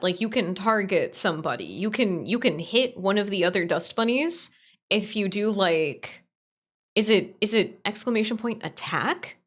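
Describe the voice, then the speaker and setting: A woman streaming live and chatting casually with her audience. Her voice sits at an ordinary middle pitch. She rambles and jumps between thoughts, laughs often and drops casual swears.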